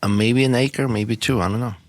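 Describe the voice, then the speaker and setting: A man's voice: mid-range voice, fairly even intonation, brisk, no echo. A man co-hosting a casual podcast, laid-back and dry, mostly giving short replies. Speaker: podcast co-host. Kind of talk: casual banter.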